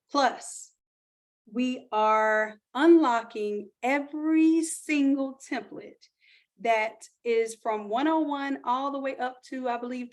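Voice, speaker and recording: Brief: higher-pitched woman, chatty livestream host making a sales pitch. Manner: chatty, upbeat, pitching offers to chat viewers. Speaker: online course host. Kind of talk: live-stream sales pitch.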